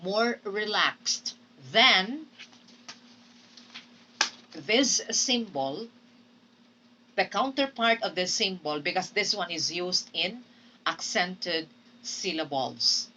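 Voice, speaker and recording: A woman with a lowish yet bright, forceful voice teaches pronunciation at a very slow, careful pace. She models example words and keeps checking in with her listeners. She is heard from a distance from the mic, with faint noise behind her. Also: expressive. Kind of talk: recorded phonetics lesson.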